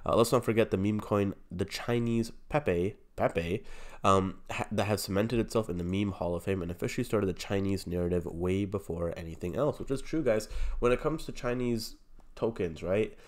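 A young man hosting his channel while sick with a cold, so his voice comes out stuffy and nasal. His pitch sits a bit low, and he rambles casually, padding his talk with "like" and "um". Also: moderate pace. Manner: rambling, loose, heavy on fillers like "like" and "um". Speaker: crypto channel host. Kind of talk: casual video commentary.

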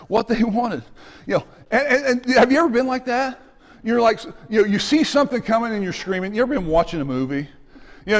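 Animated high-voiced man preaching. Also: big-room sound. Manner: animated, acts out voices and shouts. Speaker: pastor. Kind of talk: sermon. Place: church sanctuary.

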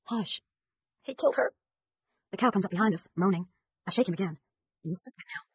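A woman narrates a novel as an audiobook, racing through the first-person prose at a hurried clip. Her voice is breathy and husky and sits fairly low, and the recording is dry and close. She slips into a rural dialect for the characters' lines. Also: no echo, poor audio. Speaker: audiobook reader.

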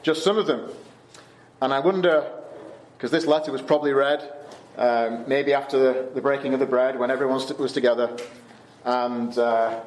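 A man gives a Bible talk to teenagers at camp, in an easy conversational way with fillers and restarts. His voice sits at a middle pitch. The room around him is echoey. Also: moderate pace. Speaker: camp speaker. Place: Canada.

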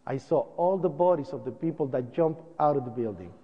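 A man with a high voice delivers an emotional first-person testimony to an audience in a large hall. He tells it dramatically, his voice climbing and breaking at the worst moments. The sound is dull broadcast audio with a long hall reverb behind it. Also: fairly quick. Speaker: speaker giving a presentation.

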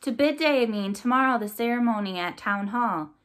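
A woman's voice: a little high, lively intonation, a little fast, fairly bright tone, voice pushed up. A woman voicing a curious, earnest eleven-year-old crow girl who asks a lot of questions. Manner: eager, questioning.

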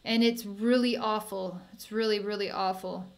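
A woman working as a psychic healer, talking softly and soothingly through an energy healing session, with sighs and small laughs. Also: mid-range voice, steady tone, moderate pace.

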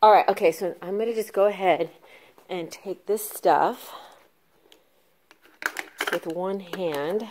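A young woman chatting excitedly in a casual vlog, telling stories as she moves around her home and yard. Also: mid-range voice, moderate pace, noisy background. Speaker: vlogger and makeup artist.

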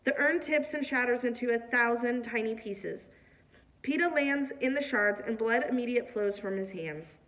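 A woman reading a novel aloud, in a plain, steady way with a few small slips. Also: fairly high pitch, normal speed, recorded from a distance. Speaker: reader.

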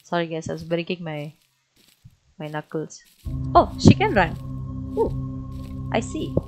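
Cussing Malaysian woman gamer, slow-talking. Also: lowish voice, sing-song, music in the background. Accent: Malaysian English. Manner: jumpy, swears constantly, loud startled reactions. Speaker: gaming streamer. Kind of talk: horror game let's play commentary.

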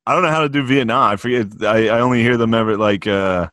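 A man's voice: medium pitch, fast, fairly bright tone, dry recording. A man guesting on a comedy podcast, talking in loose, laughing, swearing banter.

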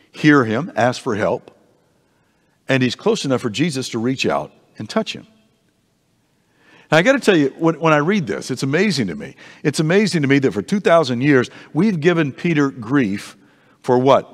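In a reverberant church hall, a mid-range male voice leads an adult Bible class, speaking conversationally and with animation while frequently restarting his sentences.

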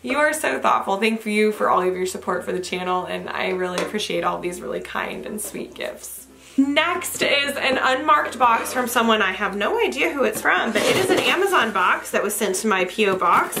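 A young adult woman vlogger opening fan mail in a gushing, excitable chat, often laughing. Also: medium pitch, moderate pace, vocal fry, soft background music. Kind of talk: casual unboxing chat.

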